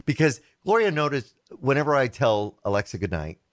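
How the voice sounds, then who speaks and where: A man's voice: medium pitch, very animated, brisk, no room sound, studio quality. A man co-hosting a tech podcast in casual chat, teasing and laughing easily. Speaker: tech show co-host.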